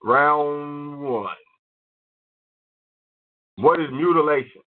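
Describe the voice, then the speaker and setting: Man, radio host, brisk short questions, tinny phone-line sound. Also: on the high side. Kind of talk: radio show hosting, quiz.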